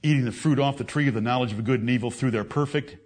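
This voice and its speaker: A man delivers a fiery sermon in a confrontational, scolding manner. He swings from loud, raised declaiming to low, intense reasoning aimed straight at his listeners. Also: quick pace. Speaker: preacher.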